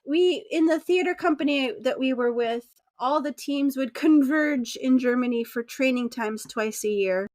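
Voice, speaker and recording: A woman from Utah talks through a podcast interview in a high, light voice. She is chatty and laughs often. The sound is dry, with no room around her. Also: moderate pace, hardly any pauses, a little mellow, dry recording. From Utah, USA. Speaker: podcast guest. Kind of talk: casual interview conversation.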